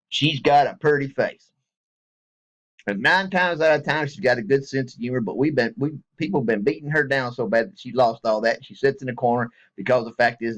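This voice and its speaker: A man's voice: on the high side, vocal fry. A middle-aged man, talking casually and joking around in a rambling, folksy way to his viewers. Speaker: vlogger. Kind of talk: casual direct-to-camera talk.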